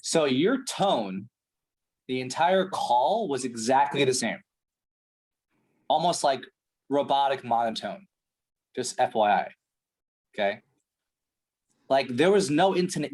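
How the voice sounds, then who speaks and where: Husky male sales coach, blunt and profane, pushing hard on a call. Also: mid-range voice, expressive, measured pace, pauses often, darkish tone.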